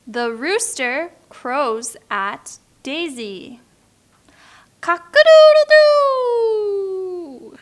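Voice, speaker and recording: Woman, high lively voice, very slow careful reading, teacher, picture book for beginners. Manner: slow, clear, with playful animal sounds. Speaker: English teacher reading aloud.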